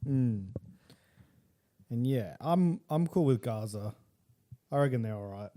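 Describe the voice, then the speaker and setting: A man with a mellow, warm voice sits in as a podcast guest. He drops dry, deadpan quips, and his voice is recorded dry and close. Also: mid-range voice, unhurried, no echo. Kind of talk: casual comedic chat.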